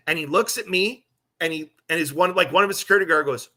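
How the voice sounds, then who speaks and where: Bright, high-voiced man telling stories. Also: fairly quick. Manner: profane, animated storyteller. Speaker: podcast host. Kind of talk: casual storytelling.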